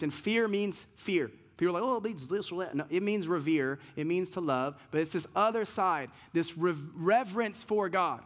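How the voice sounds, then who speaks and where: A male pastor preaching a sermon, stressing key words slowly and swinging between loud emphasis and quiet asides. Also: high-pitched.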